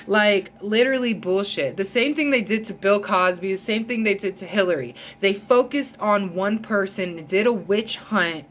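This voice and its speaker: A woman's voice: medium pitch, fairly bright tone, a little hiss or hum. A woman vlogger ranting in a heated, emphatic way, with frequent swearing. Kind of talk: ranting storytime vlog.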